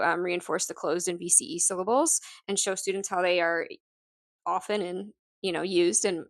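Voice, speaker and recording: In a low-ish, slightly bright voice and a recording with no room sound, a woman teacher presents her lesson packets. The walkthrough is casual and halting, with plenty of ums, restarts, and soft laughs.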